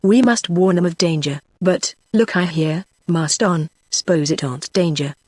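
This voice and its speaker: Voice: medium pitch, a little slow, a little mellow, no echo, natural voice. Blunt sailor lad Jim, read by a synthetic voice. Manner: dialect-heavy, dry-humoured talk. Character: rough-spoken young male sailor lad, blunt.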